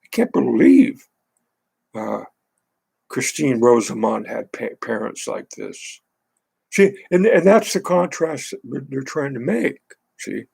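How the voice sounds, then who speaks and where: A man's voice: mid-range voice, big pitch swings, slow, gravelly, a little mellow, husky, low-quality recording. A man reading a book aloud, then breaking off into sarcastic, indignant commentary.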